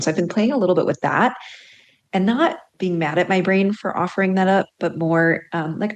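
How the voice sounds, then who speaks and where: A woman's voice: medium pitch, fairly quick. Middle-aged woman coach telling a story. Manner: animated storytelling with acted-out quotes. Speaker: career and executive coach. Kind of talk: podcast interview, telling a story.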